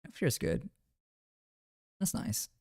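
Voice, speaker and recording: A man's voice: slow, a little mellow, no room sound, studio quality. A young man live streaming, chatting loosely with viewers while gaming, laughing a lot and swearing now and then.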